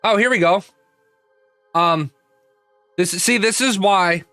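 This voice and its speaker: A man's voice: sits high, slow, pauses often, pushed and bright, smooth, dry recording, soft background music. A man hosting a livestream, telling a rambling, profane story with many restarts. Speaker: host. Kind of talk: casual livestream chat.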